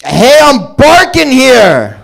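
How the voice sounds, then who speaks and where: A comedian doing an impression of a brash New Yorker man in a put-on New York accent, drawn out and slow. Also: very high-pitched, huge pitch swings, creaky, voice pushed up, full character voice. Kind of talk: stand-up impression.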